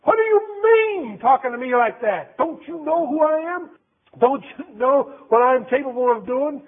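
An indignant, defensive disciple , as a preacher puts him on, blusters in a high, raised voice. The sound is thin and phone-like. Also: male voice, expressive, normal speed, heavily acted. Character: angry defensive grown man disciple.

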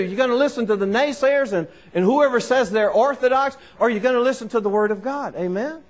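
A man preaching a sermon to a live congregation, animated and repetitive, calling out listeners by name. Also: very high-pitched, fairly quick, hardly any pauses.

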